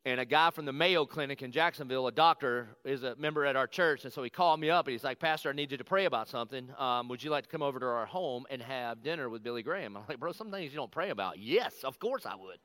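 A middle-aged man, a pastor, telling a personal story in a lively conversational sermon and acting out the quotes. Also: mid-range voice, fast talker, hardly any pauses, dry recording. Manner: animated, conversational, acts out quotes.

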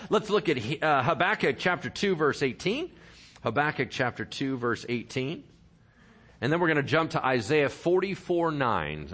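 Animated male pastor preaching. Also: medium pitch. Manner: animated, playful asides to the congregation; reads scripture aloud with dramatic emphasis. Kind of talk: sermon.

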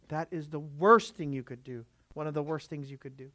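A man's voice: fairly high pitch, fairly quick, fairly bright tone, no echo. Emphatic male pastor preaching. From Filipino background. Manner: emphatic, rhetorical questions to the congregation. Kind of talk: sermon.

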